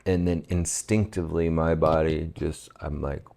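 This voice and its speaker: A man from West Virginia, a podcast guest, telling a relaxed, reflective story and laughing at himself. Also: rumbling low, normal speed, gravelly. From West Virginia, USA. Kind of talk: casual storytelling conversation.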